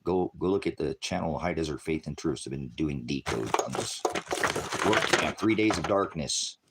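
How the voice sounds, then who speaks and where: A man's voice: rumbling low, expressive, normal speed, very noisy. A man speaking in a rambling, meandering monologue, jumping from topic to topic while at home. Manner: meandering, jumps between topics. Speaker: religious livestreamer. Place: at home with a puppy.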